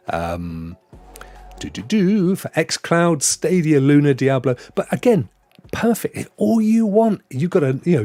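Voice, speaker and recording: Brief: British male streamer, middle-aged, lively up-and-down delivery, slightly husky, faint music underneath. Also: mid-range voice, dry recording. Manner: excitable, chatty, reads viewer comments aloud. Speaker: live stream host. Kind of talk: casual live-stream chat.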